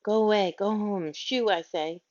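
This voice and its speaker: A woman's voice: unhurried, a little mellow, lightly acted. Woman putting on a fretful, haughty old lady. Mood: indignant. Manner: fretful and shrill, prone to wailing. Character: fussy, tearful, haughty older lady dog-owner. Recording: dull lo-fi audio.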